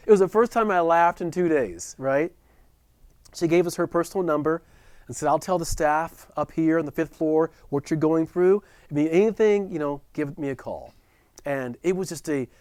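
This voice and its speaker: A man telling a heartfelt personal story in a virtual talk, earnest, dropping soft and quiet at the tender moments. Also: fairly high pitch, dry recording. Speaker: speaker at a business chamber event. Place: at home or office for a virtual presentation. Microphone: close video call mic.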